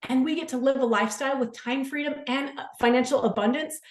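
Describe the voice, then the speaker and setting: A woman in her thirties giving an earnest, gushing testimonial pitch, peppered with "like" and close to tears at times. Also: quick pace, echoey room. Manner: gushing, earnest, says "like" often, chokes up at times. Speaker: guest speaker.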